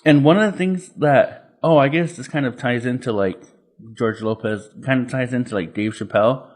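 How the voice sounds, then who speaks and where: A young man co-hosting a podcast, talking in a loose, profane, animated way and acting out what others said. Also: medium pitch, normal speed. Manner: loose, profane, animated retelling with quoted voices. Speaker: podcast co-host. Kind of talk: casual chat.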